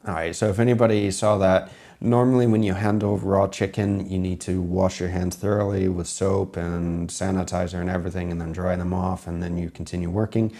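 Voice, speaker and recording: Commenting on his cooking video, a chef walks viewers through tips, calling them "guys," in an explanatory way. He speaks briskly in a low, level, warm voice that still sounds slightly strained from being sick.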